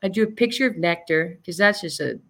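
A young woman co-hosting a podcast, chatty and giggly, telling quick anecdotes. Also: lowish voice, expressive, fairly bright tone. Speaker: podcast co-host. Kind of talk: casual chat.

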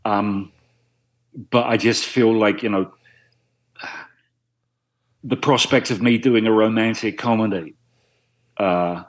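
A man's voice: on the low side, steady tone, slow pace, pauses often. A middle-aged English man, a guest actor, chatting casually on a podcast in a wry, self-deprecating way.

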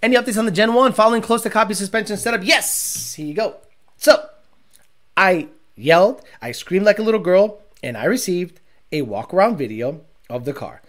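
A man's voice: high voice, animated, moderate pace, a bit bright. A young man hosting a casual car-tuning livestream. He answers viewer questions bluntly and profanely, makes jokes, and mocks others in put-on voices.

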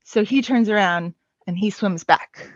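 A woman's voice: medium pitch, measured pace, dry recording. A woman chatting casually as a podcast guest, hesitant and full of filler sounds. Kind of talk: casual chat. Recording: dull lo-fi dry sound.

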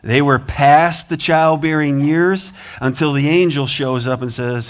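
A man's voice: fairly high pitch, unhurried, few pauses, clear, resonant tone. A man preaching a sermon as pastor, earnest, with rising emphasis, American accent. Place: church sanctuary.

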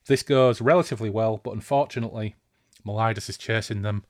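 A man's voice: on the low side, fast, no echo, studio quality. A man hosting a casual podcast discussion of a fantasy novel, who talks enthusiastically and thinks aloud.

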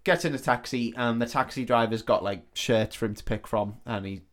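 A man retelling a film scene for a podcast co-host in a loose, laid-back way. His speech is peppered with swearing and casual fillers, in a mid-pitched voice. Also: a little fast. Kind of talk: casual storytelling chat.

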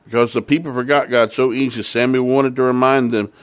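A man delivers a sermon, first retelling scripture in a steady storytelling voice. He then turns to its lesson with earnest, repeated emphasis that builds toward fervor. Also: medium pitch, a little fast, smooth. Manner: earnest, repetitive emphasis, rising to fervent. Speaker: preacher.

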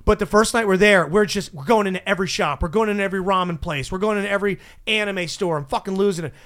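A man hosting a podcast, telling a profane, animated story in casual chat and laughing mid-story. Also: sits high, fast talker. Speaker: podcast host and stand-up comedian.

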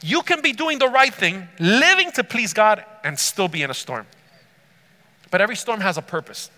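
A man's voice: high-pitched, very animated, normal speed, bright, forceful tone, long reverb tail. A man preaching a sermon, telling a Bible story with animation and asking his listeners questions. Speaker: pastor.

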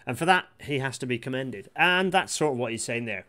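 A man's voice: mid-range voice, animated, bright, forceful tone. A man hosting a live read-through, reading passages aloud and breaking off into rambling asides full of restarts. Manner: rapid, with many restarts and asides. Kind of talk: casual live-stream commentary on a historical report.

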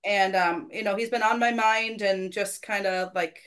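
A woman's voice: mid-range voice, fairly even intonation, moderate pace, a bit bright. Earnest woman telling a faith story. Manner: earnest, self-deprecating, quotes people in her story. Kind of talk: casual faith conversation, storytelling.

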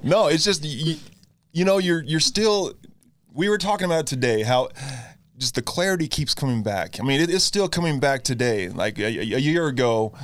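A man's voice: a little high, lively intonation. A young man in casual conversation, talking earnestly about his recovery, often restarting his sentences. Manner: halting, many restarts, earnest. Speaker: guest sharing recovery story.

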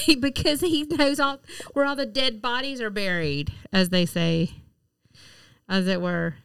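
A woman in casual chat, talking emphatically with quick restarts and trailing sentences. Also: on the high side, creaky, fairly bright tone, smooth, dry recording.

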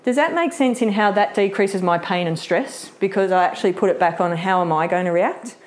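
A woman's voice: mid-range voice, brisk. A middle-aged woman presenting a live workshop, chatty, laughing often and acting out what people say.

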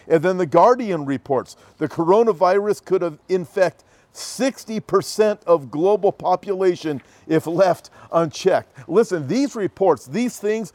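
A man with a slightly higher voice than most, emphatic and earnest, who reads headlines out slowly before commenting on them. The sound is close and dry, with no room around it. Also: darkish tone, dry recording. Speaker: preacher commenting on news. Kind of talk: talk show commentary with scripture.

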